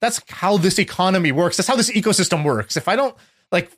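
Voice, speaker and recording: A man's voice: sits high, expressive, fairly quick, a bit bright. Rambling young man, filler-heavy chat. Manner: rambling, lots of "like" fillers and restarts. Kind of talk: casual conversational storytelling.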